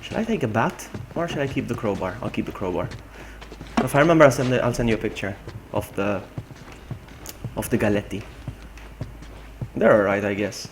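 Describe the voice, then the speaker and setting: A man's voice: fairly low pitch, moderate pace, long pauses, background noise. A man from Malta, chatting casually and rambling while streaming a game. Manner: chatty, rambling, laughs at himself. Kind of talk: casual live-stream chat.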